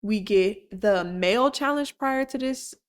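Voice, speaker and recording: Chatty, animated young woman vlogger. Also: mid-range voice, a little slow. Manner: animated and chatty, with frequent laughs and swearing. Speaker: YouTuber recapping a reality show. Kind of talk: casual commentary.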